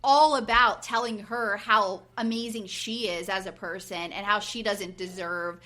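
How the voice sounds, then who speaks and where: A woman's voice: medium pitch, a little slow. A woman in her forties on a podcast, casually recapping a reality show and acting out what people said. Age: 40s. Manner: animated retelling, acting out quotes, frequent fillers. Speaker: podcast co-host.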